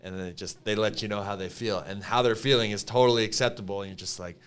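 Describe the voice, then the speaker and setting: A young man with a Canadian accent, a podcast guest telling stories in a casual, emotional, animated way with many fillers. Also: fairly low pitch, fast talker, smooth. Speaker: podcast guest, clothing company co-founder.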